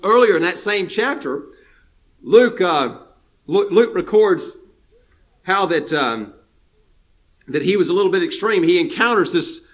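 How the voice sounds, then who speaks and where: A man's voice: high-pitched, expressive, unhurried, pauses often. A man preaching a sermon, emphatic and repetitive, with frequent restarts.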